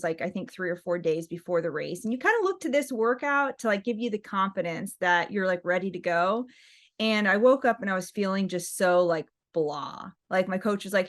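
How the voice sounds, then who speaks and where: A woman's voice: on the low side, fairly bright tone. A woman, a professional marathon runner, answering interview questions in an earnest, encouraging way with many fillers. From United States. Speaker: guest, pro marathon runner.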